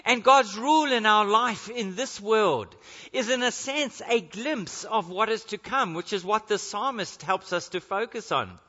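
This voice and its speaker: Bright-voiced male preacher in a hall. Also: sits high, unhurried, lo-fi sound. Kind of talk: sermon with storytelling.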